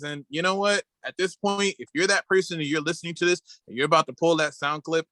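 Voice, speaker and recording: Bright-voiced joking male podcast host. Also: fairly high pitch, fast talker, few pauses, no room sound. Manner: crude deadpan joking. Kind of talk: casual chat. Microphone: video call.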